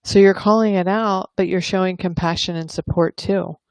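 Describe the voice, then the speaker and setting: A woman and parenting coach talking calmly and earnestly to camera, explaining ideas and acting out example dialogues. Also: lowish voice, moderate pace, no room sound. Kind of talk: advice talk to camera.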